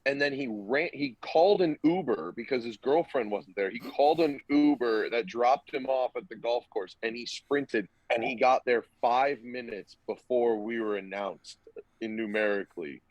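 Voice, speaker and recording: A young man guesting on a podcast tells a loose, profane story and acts out other people's lines along the way. His voice is mid-range at a normal speed, and the recording is dull, lo-fi and dry with no room sound.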